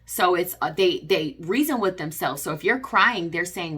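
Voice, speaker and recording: A woman's voice: fairly low pitch, lively intonation, normal speed, few pauses, bright, forceful tone, husky. A woman talking to camera in an earnest, repetitive way, with many fillers and restarts. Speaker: vlogger. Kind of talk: personal advice vlog.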